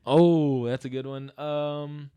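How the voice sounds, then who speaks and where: A man's voice: a little high, fairly even intonation, slow pace, mellow, a little hiss or hum. A young man who works as a college minister, easygoing and a bit hesitant, speaking as a podcast guest. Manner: easygoing, hesitant, laughs easily. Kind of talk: casual interview.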